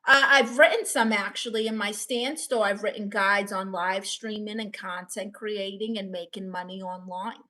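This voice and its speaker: A woman's voice: mid-range voice, steady tone, normal speed, hardly any pauses, pushed and bright. A woman live streamer reading viewer comments aloud and answering them with playful, self-mocking jokes.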